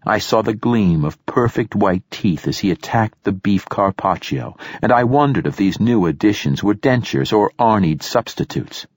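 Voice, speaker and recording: A man narrating a first-person audiobook in a measured, descriptive way. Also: lowish voice, animated, dry recording.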